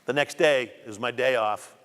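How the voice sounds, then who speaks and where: A man's voice: medium pitch, normal speed, fairly bright tone. A middle-aged man giving a personal testimony talk to students, telling his story emphatically with much repetition. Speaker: guest speaker. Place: community program hall. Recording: long hall reverb.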